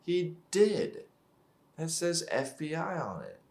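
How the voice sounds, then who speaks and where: A man's voice: fairly high pitch, huge pitch swings, slow, creaky, darkish tone. A man giving casual, profane commentary as he reacts to a TV episode, mocking the script and laughing often. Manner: laughs often while talking. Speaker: show reaction YouTuber.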